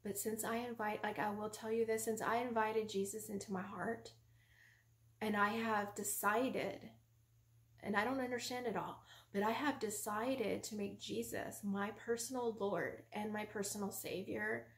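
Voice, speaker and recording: A woman voicing her calm, earnest husband in a soft, patient voice. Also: mid-range voice, moderate pace, close to an everyday voice. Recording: roomy echo.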